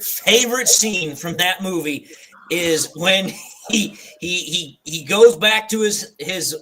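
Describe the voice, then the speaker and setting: A man's voice: a little high, sharp tone, rough recording. A man hosting a fan live stream, chatting casually about football and laughing as he retells movie scenes. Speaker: fan show host.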